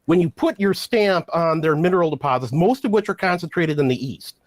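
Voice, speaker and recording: Man co-host, measured sardonic debater, a little high in pitch. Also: no room sound. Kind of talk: casual political discussion.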